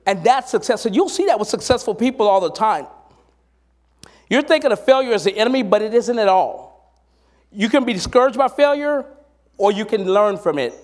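High-voiced man preaching a sermon. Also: animated, fairly quick. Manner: storytelling, rising to emphatic exhortation. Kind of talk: sermon with personal stories.

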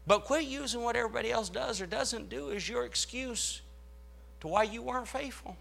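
A male pastor preaching a sermon, reading scripture aloud and swelling dramatically in loudness as he drives his points home. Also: very high-pitched, fairly quick, gravelly.

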